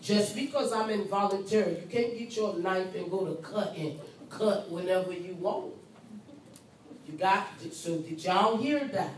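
A woman's voice: medium pitch, measured pace, slight background noise. A woman nursing instructor lecturing a class, speaking emphatically and repeating key points while acting as the patient in the first person. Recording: roomy, far from mic, faint ambience.

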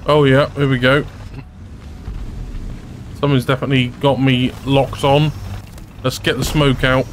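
A man giving chatty, excitable commentary over his own gameplay as a regular gaming creator, often laughing. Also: mid-range voice, measured pace, a little hiss or hum. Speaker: gaming YouTuber.

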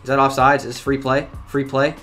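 A young man giving live commentary on his own football video game, excitable and talkative, jumping from loud outbursts to muttered complaints about his players. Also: mid-range voice, a little fast, soft background music. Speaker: gaming YouTuber.

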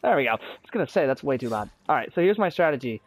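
A man's voice: medium pitch, big pitch swings, racing, dry recording. Rambling young man narrating his gameplay. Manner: rambling, chatty, frequent fillers and restarts. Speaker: gaming YouTuber. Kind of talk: casual gameplay commentary. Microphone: console recording software.

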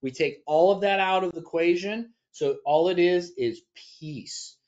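A man who owns a retirement planning firm, answering interview questions in a folksy sales pitch full of homespun analogies. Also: a little slow, darkish tone. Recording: dull lo-fi audio.

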